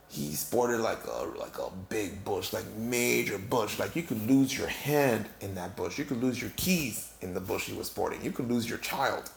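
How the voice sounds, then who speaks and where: A man's voice: medium pitch, vocal fry, a little hiss or hum. A man telling a comic story in a casual, rambling way, full of fillers and restarts. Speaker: comedic storyteller. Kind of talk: rambling comedic monologue. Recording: echoey room.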